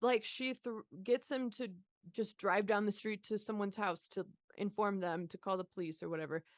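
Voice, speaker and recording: A woman's voice: medium pitch, steady tone, normal speed, dry recording, clean studio sound. A young woman co-hosting a movie podcast, chatting casually with a sarcastic, swear-heavy, laughing manner. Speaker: podcast co-host. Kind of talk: casual movie review chat.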